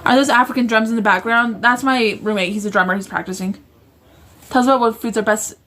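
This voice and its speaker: Lady livestreaming from her room, kinda high voice, rambles and keeps correcting herself while reading chat. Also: fairly even intonation, fast talker, a bit bright, a little hiss or hum. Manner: rambling, often stops and corrects herself mid-sentence. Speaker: livestream host. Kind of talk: casual livestream chat, reading viewer comments aloud. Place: indoors at home, roommate in the next room.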